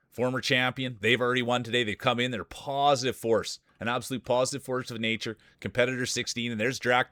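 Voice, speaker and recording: A man calls a marble race in mock sports-announcer style, hyping each racer with playful jokes. His voice sits at a middle pitch and comes across close and dry, with no room sound. He speaks like a streamer on a close mic at home. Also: fairly bright tone, no room sound. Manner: playful hype with joking announcer lines.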